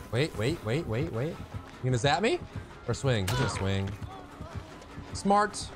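A man commentating his own gameplay, excitable and teasing, swinging from quiet mutters to sudden shouts. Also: mid-range voice, measured pace, long pauses, music in the background. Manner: banters with the opponent, teasing.

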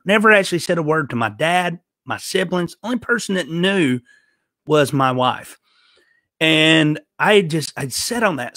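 A man telling a personal faith story in an earnest, halting way, often restarting his sentences. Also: fairly high pitch, sharp tone, no echo. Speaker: podcast host telling a personal testimony. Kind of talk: emotional storytelling testimony.

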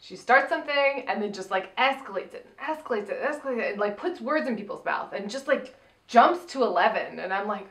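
A woman co-hosting a casual review chat, animated, acting out quotes with lots of "like". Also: fairly high pitch, a little fast, a little hiss or hum. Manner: animated, acts out quotes, many "like"s. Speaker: podcast co-host. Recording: roomy echo.

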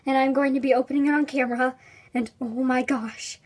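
High-voiced gushing young woman vlogger. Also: level tone, a little fast, darkish tone. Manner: gushing, giggly, rambling with many "like"s. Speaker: toy unboxing vlogger. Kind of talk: casual unboxing vlog. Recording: distant camera mic, faint noise.

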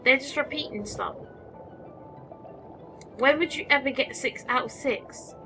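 A woman gives casual gameplay commentary in a fairly high voice. She chats away, talks to the creatures on screen, and swings between exclamations and mutters. Game music plays clearly behind her. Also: unhurried, bright, forceful tone. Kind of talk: casual let's-play commentary.

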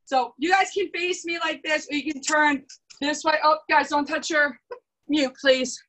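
A young woman teaching a karate class over a video call, brisk and commanding as she cues and counts drills. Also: high voice, steady tone, fairly bright tone, distant mic, low-quality recording. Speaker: karate instructor.

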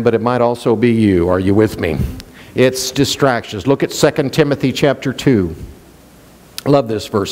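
A man's voice: mid-range voice, big-room sound. A male pastor preaching a sermon, questioning the congregation and joking with them. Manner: playful, jokes and laughs.

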